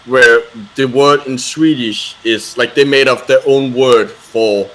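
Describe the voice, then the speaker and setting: Man chatting haltingly. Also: medium pitch, steady tone, a bit bright, poor audio. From Denmark. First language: Danish. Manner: halting, with many fillers and restarts. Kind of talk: casual chat on a live stream.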